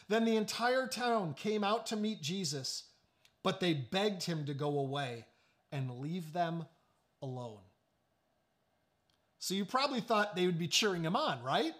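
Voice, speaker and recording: Animated man preaching a sermon. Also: high-pitched. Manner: animated preaching with sudden drops to hushed, slow emphasis; joking asides. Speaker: pastor.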